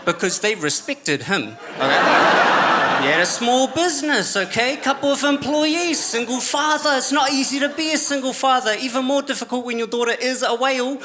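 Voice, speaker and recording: A man's voice: extremely high pitch, moderate pace, very noisy. A young man with a New Zealand accent performing a stand-up comedy set on a theatre stage, chatty and self-mocking. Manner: chatty, self-mocking, frequent filler "okay" and "you know". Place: large theatre stage with audience. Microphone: stage microphone.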